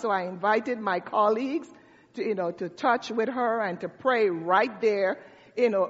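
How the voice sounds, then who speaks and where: Brief: female pastor, higher voice, chatty storytelling sermon, long church reverb, dull lo-fi sound. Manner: storytelling, conversational preaching with asides to the congregation. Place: church sanctuary.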